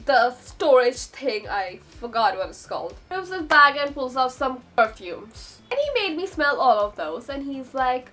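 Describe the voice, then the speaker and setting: High-voiced chatty young woman vlogger. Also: normal speed, few pauses, faint music behind. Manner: excitable, chatty storytelling with sudden high squeals. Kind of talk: storytime vlog.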